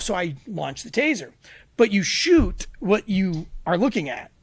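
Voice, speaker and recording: A man, a police officer guest on a podcast, tells an animated story at speed and acts out the quotes. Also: high voice, creaky, breathy edge, no echo. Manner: rapid, animated retelling with acted-out quotes.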